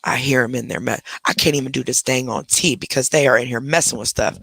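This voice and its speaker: A man hosting a casual livestream from his bedroom at home, telling stories in an animated way and scolding his dogs in between. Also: mid-range voice, fast, gravelly, few pauses, husky, dry recording. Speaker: livestream host. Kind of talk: casual live chat.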